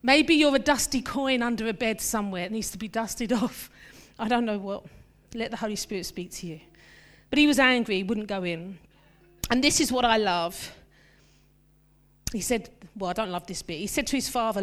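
A woman preaching a sermon in a lively, conversational way, mixing scripture with humorous personal asides. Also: a little high, normal speed.

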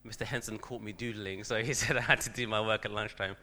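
A man's voice: fairly low pitch, fairly even intonation, fast talker, sharp tone. A man playing a former schoolboy, now a young man, who speaks eagerly and politely and keeps calling his old teacher sir. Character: schoolboy grown into a deep-voiced young man.

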